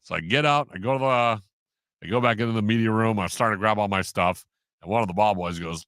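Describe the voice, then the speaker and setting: A man, a sports broadcaster on a podcast, telling stories in an animated way and acting out the quotes. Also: lowish voice, fast, no room sound, studio quality. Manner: animated storyteller, acts out quotes, laughs often. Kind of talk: casual storytelling in an interview.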